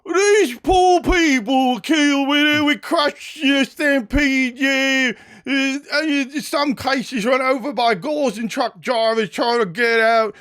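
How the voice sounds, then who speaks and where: A man doing a loud, mocking impression of a pompous British propagandist in a put-on British accent. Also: very high-pitched, takes it slowly, few pauses, voice pushed up, full character voice. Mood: mocking bluster. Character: mock-British male propagandist, pompous and blustering.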